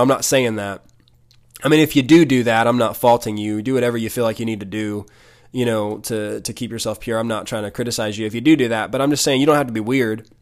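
A man teaching from the Bible in an earnest, conversational way, often restarting and repeating words. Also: mid-range voice. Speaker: podcast preacher.

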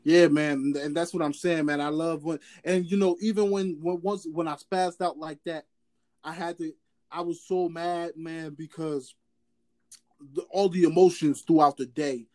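A man's voice: a little high, steady tone, moderate pace, a little mellow. A man co-hosting a casual sports chat, emphatic and repetitive, stammering as he starts his sentences. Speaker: podcast co-host.

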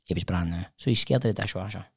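A man's voice: low-pitched, quick pace, creaky, breathy edge. Scottish man telling a rambling story. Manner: rambling animated storytelling with swearing. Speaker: podcast co-host. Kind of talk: casual chat. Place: podcast studio.

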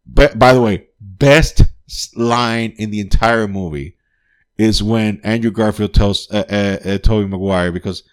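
This man speaks on the low side with a clear, resonant tone. Hosting a podcast, he chats loosely and profanely about a film, full of fillers and restarts, in a casual spoken review marked by frequent laughter and enthusiasm.

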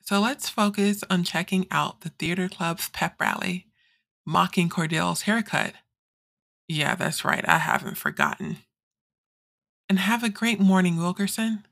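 An actress playing a quirky teenage girl who reads the morning school announcements in an audio drama, with a breezy, deadpan delivery. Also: lowish voice, unhurried, creaky, exaggerated voice. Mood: reassuring, chatty.

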